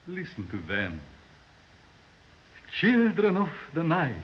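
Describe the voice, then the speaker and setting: A slow, husky vampire count. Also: male voice, on the high side, wildly swooping pitch, exaggerated voice. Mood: entranced. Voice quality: husky, drawn-out theatrical delivery. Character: aristocratic old vampire count, slow and menacing. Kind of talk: 1930s film acting. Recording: dull, lo-fi 1930s film soundtrack.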